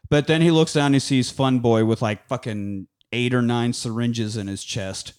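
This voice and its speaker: A man's voice: mid-range voice, steady tone, normal speed, smooth. A man casually recapping a film on a podcast, swearing a lot, laughing and acting out the lines. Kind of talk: casual profane chat.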